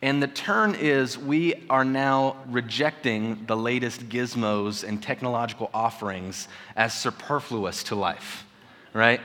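A man in his thirties preaching a sermon, conversational and joking, with sudden loud emphasis. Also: mid-range voice. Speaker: pastor. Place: church sanctuary. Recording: long hall reverb.

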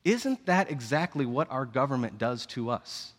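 A man preaching a sermon, telling the story in a playful, animated way with jokes. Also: medium pitch, moderate pace, in a large hall.

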